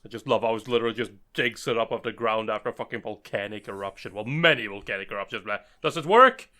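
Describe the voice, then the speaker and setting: A man's voice: lowish voice, steady tone, fast, pushed and bright. A man co-hosting a podcast, chatting casually and rambling with many fillers. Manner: rambling, full of fillers and restarts. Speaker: podcast co-host. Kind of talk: casual chat.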